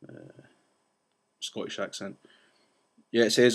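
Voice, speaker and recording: A man's voice: mid-range voice, fairly even intonation. Rambling man ranting. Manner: rambling, with restarts and asides; says he talks fast. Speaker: vlogger. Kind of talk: casual rant to camera.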